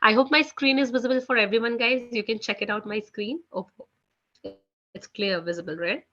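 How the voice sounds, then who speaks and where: Bright-voiced woman teaching an online class. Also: on the high side, brisk. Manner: chatty, repeats "you know" and "guys". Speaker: French language teacher. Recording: dull lo-fi online call audio.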